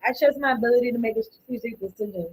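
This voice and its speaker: Woman, tarot reading, higher pitch, loose informal talk, thinks out loud. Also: very fast, breathy edge, low-quality recording. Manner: rambling, thinking aloud, trailing off; blunt and informal, with slang and swearing. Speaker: tarot card reader. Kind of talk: casual spoken tarot reading.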